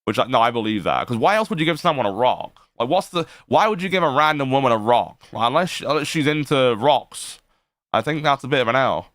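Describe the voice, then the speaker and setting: A man's voice: mid-range voice, expressive, a little fast, a bit bright, no room sound, studio quality. A man giving profane, mocking reaction commentary to a stream, laughing often and padding his talk with fillers.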